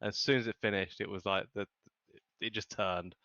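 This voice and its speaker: A man's voice: on the low side, fairly even intonation, moderate pace, bright, forceful tone, dry recording, muffled recording. A man co-hosting a casual podcast, telling stories hesitantly with many restarts. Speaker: podcast co-host.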